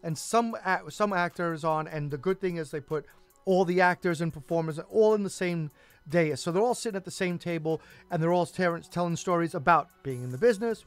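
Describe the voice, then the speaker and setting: A man with a slightly raised voice tells a long anecdote in casual radio banter. Faint music plays softly behind him. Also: high-pitched. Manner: animated storyteller who cuts in to correct. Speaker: co-host.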